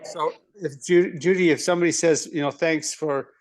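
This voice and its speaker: An older man speaking up in a group video call with a somewhat high voice. He talks in an emphatic, wry and plain-spoken way. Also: steady tone, fairly quick. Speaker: course participant, longtime lawyer. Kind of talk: casual group share.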